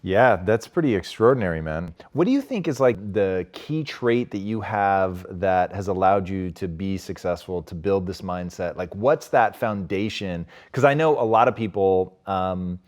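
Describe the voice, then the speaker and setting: A man hosting an interview, asking curious questions in a relaxed, casual way with slangy words. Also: low voice, moderate pace, hardly any pauses. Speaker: interview host.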